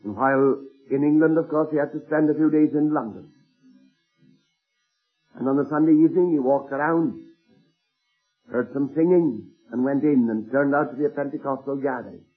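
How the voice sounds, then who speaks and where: A man preaching a sermon, earnestly retelling anecdotes and slowing down to stress key words. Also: mid-range voice, slightly rough, soft background music. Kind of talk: sermon storytelling. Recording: tinny phone-like old sermon tape.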